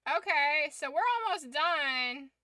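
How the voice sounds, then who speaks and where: A woman's voice: high-pitched, slow, pushed and bright, no room sound, studio quality. A tired woman streamer chatting casually on a livestream, rambling and swearing freely.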